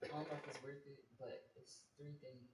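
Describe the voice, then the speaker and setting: Joking chatty guy, bright voice, echoey room, kinda far from the mic. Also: mid-range voice, level tone, fairly quick, heavy background noise. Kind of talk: casual chat.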